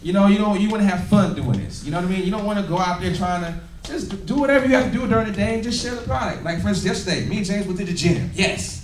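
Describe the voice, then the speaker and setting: A man giving an energetic, laughing motivational business training to a live audience in a meeting room. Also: high-pitched, racing, few pauses, far from the mic, a little hiss or hum. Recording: echoey room, recorded from afar.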